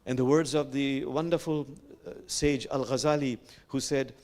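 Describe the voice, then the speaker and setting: A man preaching as an imam, gentle and reflective, who slows to stress each quoted verse and speaks straight to the congregation. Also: mid-range voice, steady tone. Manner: reflective, quotes sacred verses slowly and with emphasis; gentle, addresses the congregation directly. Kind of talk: sermon. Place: sanctuary.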